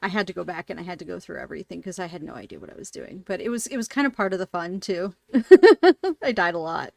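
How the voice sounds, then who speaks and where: A woman's voice: on the low side, very animated, quick pace, gravelly, darkish tone, dry recording, clean studio sound. A woman hosting a podcast interview, chatting in a rambling way and laughing often. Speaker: podcast host. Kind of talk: casual interview chat.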